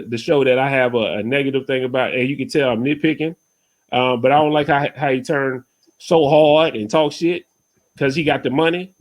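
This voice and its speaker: Laid-back man hosting a casual podcast. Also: medium pitch. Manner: laid-back, says "you know what I'm saying" often. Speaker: podcast host.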